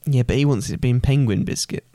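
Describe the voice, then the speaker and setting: A man's voice: medium pitch, brisk, warm tone, no room sound. A young man co-hosting a casual podcast with his father, full of dry teasing banter. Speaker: podcast co-host, the son. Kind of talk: casual chat.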